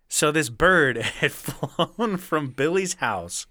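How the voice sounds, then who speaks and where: This man has a bright, pushy voice heard close and dry, with no room sound. He tells stories in a loose, chatty way, laughs a lot, and pitches way up when he quotes someone. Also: slow, no room sound. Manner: animated, laughing, acts out quotes in a shrill voice. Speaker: podcast co-host. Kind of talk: casual storytelling chat.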